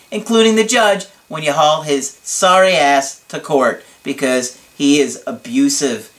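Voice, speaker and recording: A man's voice: medium pitch, a bit bright. Blunt, emphatic male relationship coach. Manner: blunt and emphatic, lists harsh words, playful asides. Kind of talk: advice video reading and answering a viewer's letter.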